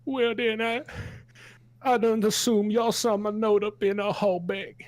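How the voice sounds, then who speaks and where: A man's voice: high-pitched, little pitch movement, a little slow, no echo. A man putting on a drunk old farmer. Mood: rambling. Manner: folksy, rambling, drawling. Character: drunk old male sheep farmer, rustic and mournful.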